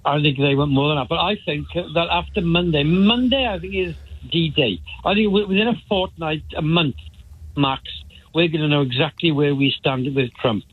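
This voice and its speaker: A man's voice: a little high, normal speed. A man calling a radio phone-in, speculating and repeating himself as he weighs things up. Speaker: radio caller. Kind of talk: phone-in opinion call. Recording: phone line.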